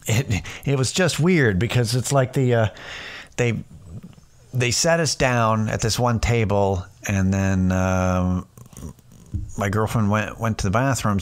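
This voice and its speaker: A man hosting a casual solo podcast, telling rambling, profane stories with lots of restarts. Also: lowish voice. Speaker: podcast host.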